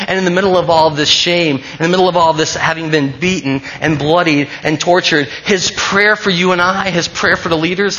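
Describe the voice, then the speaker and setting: A man's voice: a little high, bright, forceful tone, lo-fi sound. A man preaching a sermon as pastor, earnest and emphatic, often repeating key phrases.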